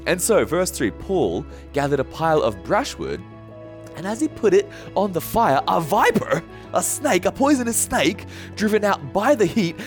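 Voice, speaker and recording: A man's voice: high voice, big pitch swings, moderate pace, faint music behind. A man preaching a sermon, retelling a story with frequent chuckles. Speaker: pastor.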